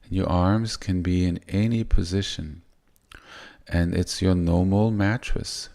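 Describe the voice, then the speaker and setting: A man giving soft-spoken, unhurried spiritual teaching, often restarting his sentences. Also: sits low, fairly even intonation.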